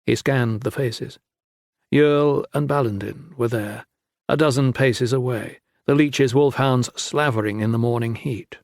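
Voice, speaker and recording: Reading a fantasy novel aloud from a script, a male audiobook narrator keeps his delivery steady and measured. His pitch is medium, and the close recording is very dry, carrying no room sound.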